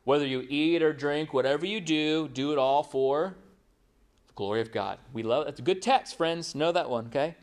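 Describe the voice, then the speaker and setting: A man's voice: on the high side, normal speed. A man preaching a sermon, asking the room questions and acting out little dialogues as he goes. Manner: animated preaching, rhetorical questions, acts out dialogue. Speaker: pastor.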